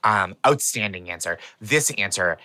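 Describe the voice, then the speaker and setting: Playful bright-voiced man hosting a quiz. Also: fairly low pitch, animated, a little slow. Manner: playful, giggly, wry. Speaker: game show host. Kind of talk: comedic podcast quiz.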